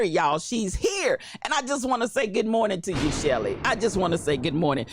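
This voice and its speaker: A woman hosting a casual livestream, greeting viewers by name in a playful, animated way with frequent laughter. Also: medium pitch, normal speed, hardly any pauses, slightly rough. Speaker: livestream host.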